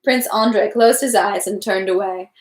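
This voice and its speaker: A woman reading a long novel aloud at a middling pitch, careful and steady, tripping now and then on French phrases. Her voice carries a roomy echo. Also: moderate pace. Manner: careful, stumbles over French words. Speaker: reader. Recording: echoey room.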